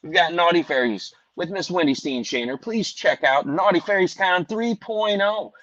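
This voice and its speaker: A man's voice: high voice, normal speed, no echo, lo-fi sound. Rowdy, profane man hosting a show. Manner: loud, rowdy, rambling. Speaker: podcast host reading sponsors. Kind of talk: casual profane chat. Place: Missouri.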